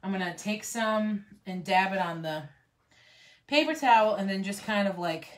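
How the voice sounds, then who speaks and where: A woman's voice: medium pitch, normal speed. A young woman chatting casually with viewers while she teaches a painting project, rambling with lots of fillers. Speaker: craft painting instructor. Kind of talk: casual live painting tutorial.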